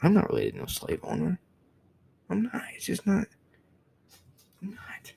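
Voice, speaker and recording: A man's voice: sits high, huge pitch swings, measured pace, creaky, warm tone, breathy edge, whispered, rough recording. A young man from the United States giving a blunt, profane opinion rant to camera, repeating himself as he talks. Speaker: vlogger.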